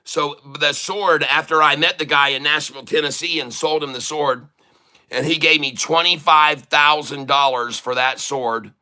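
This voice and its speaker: A man's voice: a little high, fairly even intonation, normal speed, sharp tone, clear, resonant tone. A man hosting a day-trading livestream who chats casually and tells rambling stories full of restarts. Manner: rambling, chatty anecdote telling with many restarts. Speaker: livestream day trader and channel host.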